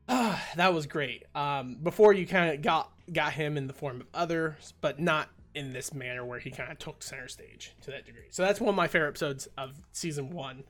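A man hosting a casual podcast, retelling a sitcom episode with lively acted-out quotes. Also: on the high side. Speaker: podcast host.

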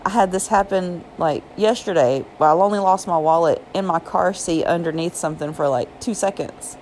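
A woman's voice: on the low side, normal speed, darkish tone, a little hiss or hum, low-quality recording. A woman hosting a solo podcast, talking through her thoughts in a rambling, chatty way, full of fillers and small laughs. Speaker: podcast host. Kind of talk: solo reflective podcast monologue. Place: Jacksonville.

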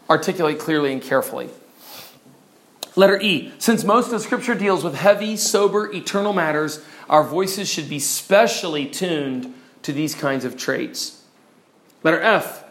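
A middle-aged man lecturing on preaching delivery, demonstrating examples and varying his loudness for effect. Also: high-pitched, lively intonation, a little slow. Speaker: preaching instructor.

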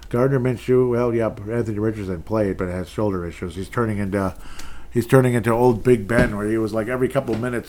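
A man hosting a solo sports podcast, rambling through game recaps, correcting himself and laughing at his own slips, his voice rising high and loud when he rants. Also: steady tone, quick pace, slight background noise. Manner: gets loud and high-pitched when ranting. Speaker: podcast host.

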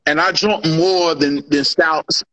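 A man casually telling a drinking story on a podcast, slangy and profane, animated as he goes. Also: on the high side, slow, low-quality recording. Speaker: podcast co-host.

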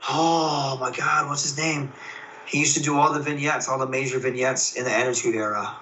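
A man, a professional wrestler, telling stories in a casual interview, excitable and rambling with lots of fillers and restarts. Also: mid-range voice, moderate pace, far from the mic, slight background noise, rough recording.

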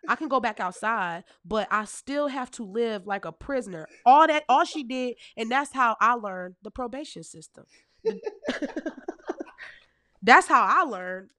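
Profane, animated woman in her thirties. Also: on the high side, normal speed, few pauses, no echo, studio quality. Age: 30s. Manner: profane, animated, laughs often. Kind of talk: casual comedic storytelling.

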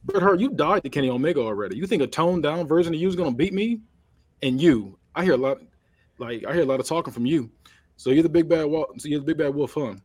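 A swaggering male wrestling champion, put on by a man throws boasts and insults at his rivals in quick succession. The delivery is fast and dry, close to the mic with no room around it. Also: a little high, animated, darkish tone, breathy edge, no room sound. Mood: cocky. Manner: cocky, boastful trash talk. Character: brash trash-talking male wrestling champion. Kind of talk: improvised wrestling promo.

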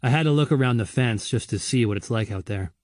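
Gruff, curt survivor man, voiced by a narrator, middle pitch, brooding temper. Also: fast talker, darkish tone, no room sound, studio quality, lightly acted. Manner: curt, scolding.

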